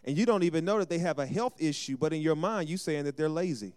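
A male pastor delivering a sermon in a smooth, resonant voice that sits a little high. He calls on the congregation for amens and slips into quick acted quotes of everyday people. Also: animated, darkish tone. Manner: call-and-response preaching with acted asides.

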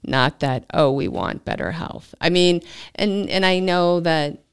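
Woman host, lowish smooth voice, careful, hesitant delivery. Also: unhurried, no room sound, studio quality. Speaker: podcast host. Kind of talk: conversational podcast interview.

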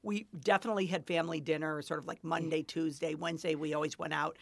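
A woman's voice: sits low, fairly even intonation, fast, creaky, dry recording. A middle-aged woman hosting a podcast, chatting casually, asking questions and drifting into stories. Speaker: podcast host. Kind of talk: casual chat.

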